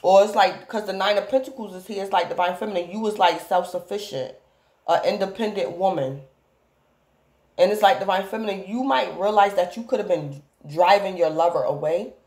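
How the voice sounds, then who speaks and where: Woman tarot reader, casual and rambling, mid-pitched voice, recorded in a roomy space. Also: brisk, a little mellow. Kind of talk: casual tarot reading to camera.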